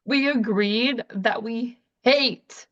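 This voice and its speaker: A teasing, giggly woman chats on a group call in a slightly high voice. The audio is dull and lo-fi, as if it came through a call. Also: drawn-out words, fairly bright tone. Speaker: contestant in an online competition game. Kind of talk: casual banter on a group call.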